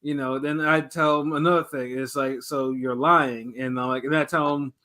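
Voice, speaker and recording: A man's voice: on the high side, level tone, a little fast, bright, forceful tone. A man co-hosting a casual podcast, telling rambling childhood anecdotes with restarts and acted-out quotes. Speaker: podcast co-host. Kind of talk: casual storytelling chat.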